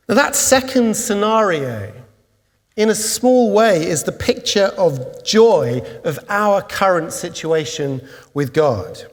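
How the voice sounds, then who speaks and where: Male preacher, animated storyteller, high-pitched, with a long reverb from the church. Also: a little slow. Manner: animated storytelling, rising to excited peaks. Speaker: pastor. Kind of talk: sermon.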